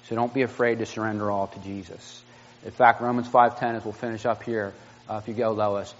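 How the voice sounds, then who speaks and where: A man preaching a sermon in a church, earnest and halting, with many fillers and restarts. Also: fairly low pitch, level tone. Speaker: pastor. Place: church sanctuary. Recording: dull lo-fi sound with long hall reverb.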